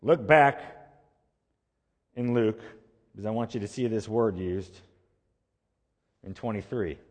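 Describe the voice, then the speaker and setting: A man's voice: on the low side, slow. Preaching man in a reverberant hall. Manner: dynamic preaching, rising emphases and dropping to quiet ends. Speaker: pastor. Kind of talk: sermon. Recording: long reverb of a large hall.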